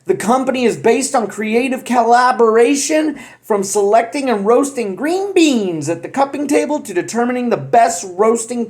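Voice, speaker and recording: Vlogger, casual read-aloud, mid-pitched, self-correcting, jokey asides. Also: a little mellow. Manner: chatty, corrects own wording mid-sentence; jokey asides while reading. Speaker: coffee review vlogger. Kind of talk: casual vlog, reading a roaster's website aloud.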